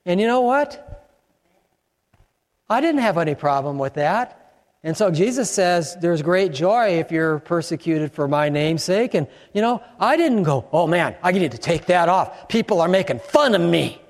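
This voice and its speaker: An older man preaching a sermon, his voice sitting high and carrying through a church with a long, ringing reverb. He speaks in an animated way and rises to shouts to drive points home. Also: a little slow. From Chicago. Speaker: pastor.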